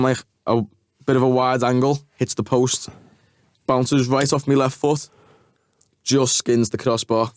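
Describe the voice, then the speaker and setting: A man's voice: medium pitch, no room sound. A man as a podcast guest in a studio, talking casually and hesitantly with laughs. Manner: hesitant, many fillers and restarts, laughs. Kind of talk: casual chat.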